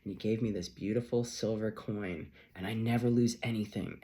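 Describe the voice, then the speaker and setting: A man's voice: fairly low pitch, fast, hardly any pauses, warm tone. A man reading tarot who tells a long, rambling personal story in a chatty vlog, swearing casually and laughing often. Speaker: tarot reader.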